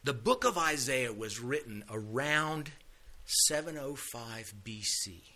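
A man's voice: mid-range voice, expressive, takes it slowly, bright, forceful tone. A man teaching a Bible lesson, retelling stories in a folksy, conversational way and casually acting out the characters' lines. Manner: folksy storytelling, acts out quotes casually.

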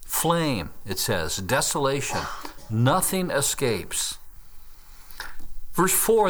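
A man, preaching a sermon and teaching through scripture with animated, dramatic storytelling. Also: a little high. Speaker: pastor.

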